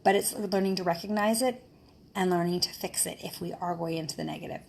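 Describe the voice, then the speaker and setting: A woman's voice: fairly low pitch, brisk, gravelly, a little mellow, slight background noise. A mother and wellness speaker talking casually to her followers in an earnest, encouraging way, often ending phrases with a questioning "right?". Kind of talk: casual live-video talk to followers.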